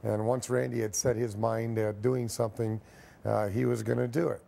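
Middle-aged ex-athlete, deep gravelly fry, dark tone, tells an animated story to an interviewer. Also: male voice, normal speed. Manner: lively storyteller who acts out the dialogue. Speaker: former professional high diver, interview guest.

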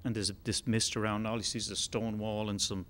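A man telling a long joke on stage in a relaxed, rambling way, with fillers. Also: lowish voice, quick pace. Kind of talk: told joke, live storytelling. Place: concert hall.

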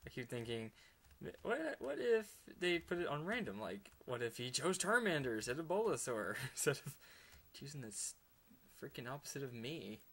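A man giving excitable let's play commentary, laughing often and slipping into whispered asides. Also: medium pitch, normal speed. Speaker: gamer.

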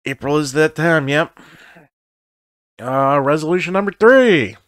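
A man's voice: on the high side, animated, a little slow, a bit bright, no room sound. A man co-hosting a chatty podcast from his home studio, rambling and swearing casually. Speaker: podcast co-host. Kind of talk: casual chat.

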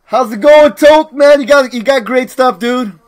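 A man's voice: very high voice, normal speed. A young man streaming a video game, chatting casually to his viewers and saying "dude" and "man" all the time. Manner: laid-back, talks to chat, says "dude" and "man" constantly.

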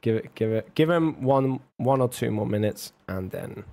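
A man's voice: medium pitch, expressive, normal speed, gravelly, a little mellow. A man hosting a debate on a livestream, chatting casually with lots of swearing, laughter and rambling banter. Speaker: debate host.

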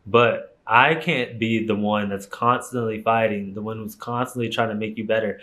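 A man's voice: on the low side, steady tone, normal speed, a bit bright. A young man telling a personal story straight to camera in a casual vlog, candid and emphatic, swearing freely. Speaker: YouTuber.

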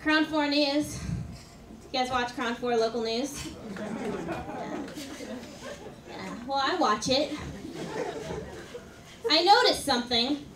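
A woman performing a stand-up comedy set on a club stage, delivering jokes deadpan with sudden loud outbursts. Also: high voice, slow, pauses often, crowd noise. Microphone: stage microphone. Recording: roomy club sound from a distance, audience and faint noise. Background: audience laughter.

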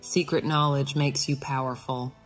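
A woman's voice: very deep voice, little pitch movement, moderate pace, long reverb tail, soft background music. A woman voicing a snobbish, lofty female tulip flower who talks haughtily in a storybook. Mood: haughty.

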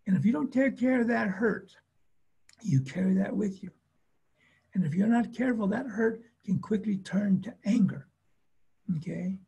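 A man with a very husky, breathy voice and a soft, mellow tone, speaking as a therapist in a webinar. He talks plainly and tells stories, driving each point home by repeating it. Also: sits high, moderate pace, pauses often. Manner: emphatic, repetitive phrasing with acted-out quotes; plainspoken storytelling. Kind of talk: webinar talk on family conflict.

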